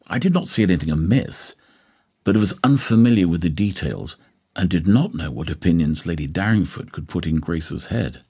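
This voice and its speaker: A man narrates a novel in scripted, measured storytelling. His voice sits very low and carries a strong husky rasp. The reading has a lively rise and fall. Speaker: audiobook narrator.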